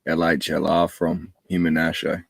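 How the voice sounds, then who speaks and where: Aussie man, very deep and gravelly voice, husky, rambling slangy chat. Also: monotone, moderate pace, fairly bright tone, no echo. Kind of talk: casual live stream chat.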